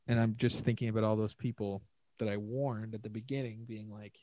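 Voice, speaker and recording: A man's voice: fairly low pitch, little pitch movement, fairly quick, warm tone, no room sound, poor audio. A man who is a comedian and hosts a podcast, riffing alone in a rambling, profane, self-mocking way. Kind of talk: solo podcast monologue.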